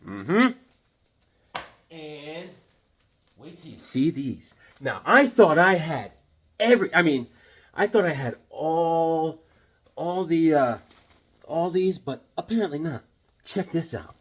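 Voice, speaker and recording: A man's voice: fairly high pitch, expressive, takes it slowly, pauses often, a bit bright. A middle-aged man casually showing off his comic collection, enthusiastic and rambling with lots of fillers and asides. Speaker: comic book collector vlogger. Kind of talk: casual show-and-tell.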